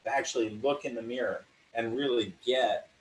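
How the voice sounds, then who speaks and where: A man's voice: medium pitch, brisk. A man in a mid-range voice shares his thoughts as a guest, reflective and reaching for the word "like" as he goes. He is recorded from a distance in an echoing room, with a faint hum of ambience behind him. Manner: reflective, leans on the filler "like". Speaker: guest in a conversation about acting. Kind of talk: casual conversation. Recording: roomy sound from a distant mic.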